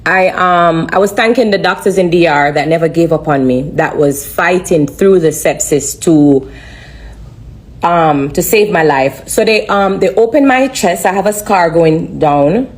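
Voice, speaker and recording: A woman giving an earnest, halting personal testimony on a live stream, often repeating herself. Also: fairly low pitch. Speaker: livestreamer sharing a testimony.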